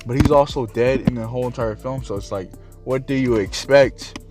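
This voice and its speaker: A man's voice: medium pitch, normal speed, darkish tone, faint music behind. A man ranting about a film in a heated, rambling way, swearing often and filling gaps with "you know" and "like". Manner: heated, profane, rambling with many fillers. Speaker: movie ranter. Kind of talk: casual unscripted rant.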